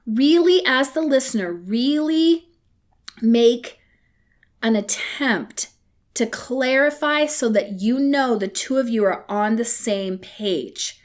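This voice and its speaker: Candid, chatty woman, a bit high. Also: animated, slow pace. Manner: candid and conversational, with playful asides. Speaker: podcast host. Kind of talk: casual teaching talk.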